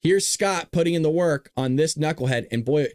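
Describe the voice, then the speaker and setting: A man's voice: fairly high pitch, moderate pace, darkish tone, no room sound. A male show host giving blunt, scornful political commentary, reacting to clips.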